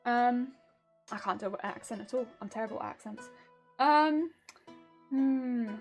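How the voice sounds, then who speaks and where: A woman's voice: on the high side, measured pace, faint music behind. A woman streamer chatting casually with her viewers, laughing often and restarting her sentences.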